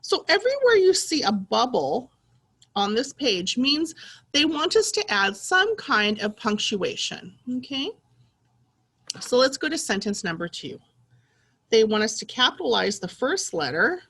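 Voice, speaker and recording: A woman teacher with a husky voice, reading slowly and in a sing-song way with young children. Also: medium pitch, a bit bright. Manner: slow, sing-song, encouraging teacher talk.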